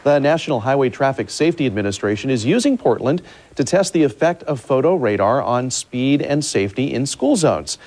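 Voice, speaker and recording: A male news anchor reading scripted news stories in a steady, measured way. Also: mid-range voice.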